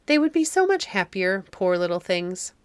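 A woman reading a storybook aloud, voicing a kind young governess who speaks gently and soothingly. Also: medium pitch, sing-song, moderate pace, clean tone, dry recording, close to an everyday voice. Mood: gentle. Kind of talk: audiobook reading.

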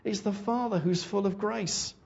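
A man's voice: high-pitched, fairly even intonation, moderate pace, creaky, a little mellow, breathy edge. A man preaching a conversational sermon and retelling a parable, often restarting his words. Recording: dull lo-fi sermon recording.

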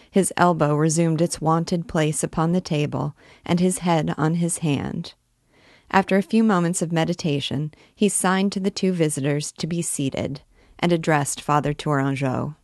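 A woman with a low voice reads a classic novel aloud as a teacher. She reads in a measured way and pauses to explain. The sound is dry and close to the mic. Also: steady tone, darkish tone, no room sound. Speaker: literature teacher reading aloud. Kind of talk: book reading with commentary.

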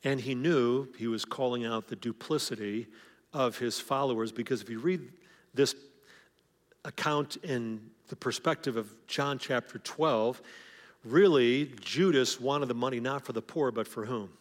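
A man's voice: mid-range voice, unhurried. A man preaching a sermon as pastor, talking in a conversational way and often repeating words as he starts a phrase. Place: church sanctuary. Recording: long hall reverb.

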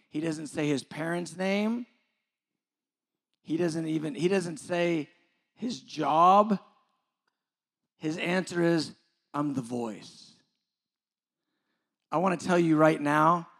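A middle-aged man preaching a sermon as pastor, moving from conversational asides to emphatic, rising questions. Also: a little high. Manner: conversational asides with filler words.

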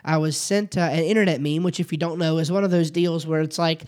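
A man's voice: on the high side, steady tone, quick pace, darkish tone. A man hosting a podcast lesson, talking it through with many fillers and restarts. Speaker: podcast host.

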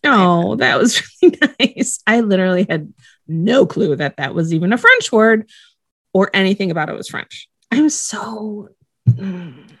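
A woman's voice: medium pitch, animated, unhurried, fairly bright tone, slightly rough, no echo, clean studio sound. A woman co-hosting a casual podcast who laughs a lot and swears at her phone's voice assistant. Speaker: podcast co-host.

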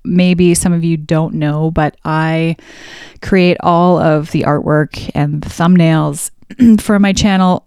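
A woman's voice: fairly low pitch, a little mellow, smooth, no echo, clean studio sound. A Canadian woman from Alberta chatting casually to her viewers as a YouTuber, rambling with lots of fillers and laughs. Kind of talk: casual vlog chat.

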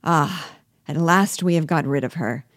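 A woman reading the part of a fussy, patronizing husband in a low, dry voice, lecturing and pleased with himself. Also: a little slow, no echo. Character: self-satisfied husband, a man, fussy and patronizing. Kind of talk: reading a play aloud.

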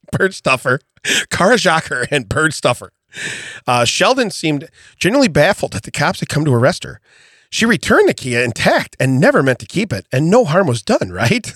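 Giggly, husky-voiced man hosting a podcast. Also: fairly high pitch, big pitch swings, normal speed, fairly bright tone, no room sound, clean studio sound. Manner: laughs often, riffs and jokes. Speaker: podcast co-host. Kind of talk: casual comedic chat. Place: podcast studio. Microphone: studio mic.

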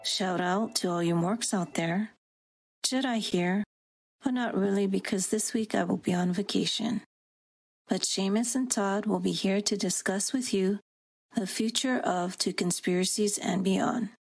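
Woman reading a sultry playful podcast intro, middle pitch, dry close sound. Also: unhurried, gravelly, dry recording. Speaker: podcast co-host.

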